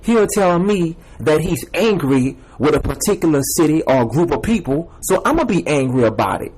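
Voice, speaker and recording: A man's voice: a little high, sing-song, fairly quick, a little mellow, slight background noise, rough recording. A young man giving a repetitive, emphatic personal testimony, addressing viewers as y'all and man. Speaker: self-made video preacher.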